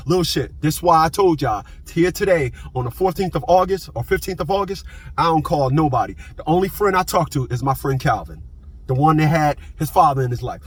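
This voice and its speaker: A man's voice: on the high side, breathy edge. A man in his fifties telling a story in a blunt, profane casual monologue, repeating himself as he goes. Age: 50s.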